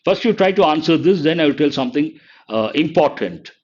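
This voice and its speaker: An older man teaching English vocabulary in a live online exam-prep lesson, explaining slowly and repeating words, sometimes scolding the chat. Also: fairly high pitch, animated. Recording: dull lo-fi stream audio.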